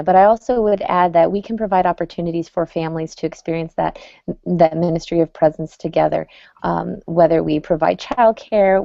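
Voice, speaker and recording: A woman's voice: fairly low pitch, creaky, mellow, dry recording. A woman speaking as a parent on a panel discussion, talking conversationally with restarts and fillers, heard over muffled lo-fi online audio.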